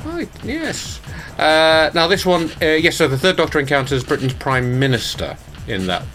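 A man's voice: a little high, expressive, moderate pace, loud music behind the voice. An Irish man in casual podcast chat, reading out the news in a distracted, self-mocking way, stumbling over names. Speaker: sound designer reading the news.

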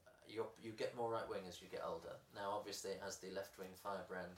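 A man hosting an interview podcast who puts wry, halting questions to his guest. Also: low voice, steady tone, crowd noise. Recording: roomy, set back from the mic.

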